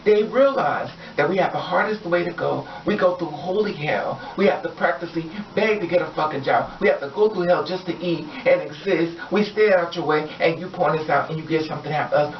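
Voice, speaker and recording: A woman's voice: deep voice, fast talker, hardly any pauses, recorded from a distance, slight background noise. A woman vlogger delivering an angry, blunt, profane rant straight to her viewers. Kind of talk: impassioned rant to camera. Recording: echoey room, off mic, dull lo-fi sound.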